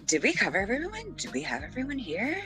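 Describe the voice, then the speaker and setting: A woman hosting a live podcast in casual chat, animated and chatty, laughing often. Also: high voice, fast, creaky, over music, low-quality recording. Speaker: podcast host.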